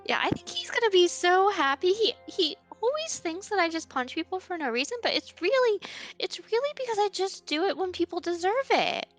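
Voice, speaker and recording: High, lively-voiced woman player. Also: fairly quick, soft background music. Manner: chatty, uses lots of fillers like 'like'. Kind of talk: casual tabletop game chat.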